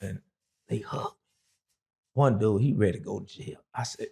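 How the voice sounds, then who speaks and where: A man's voice: lowish voice, lively intonation, normal speed, pauses often, darkish tone. A middle-aged man, an interview guest and former prisoner, telling his story in a loose, rambling way full of fillers. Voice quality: gravelly.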